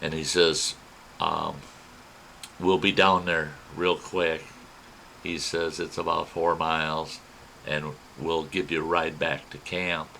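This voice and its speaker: A man telling a personal adventure story in a folksy, animated way, acting out what others said. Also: extremely low pitch, slow pace, a little hiss or hum, rough recording. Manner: folksy, animated retelling with quoted voices.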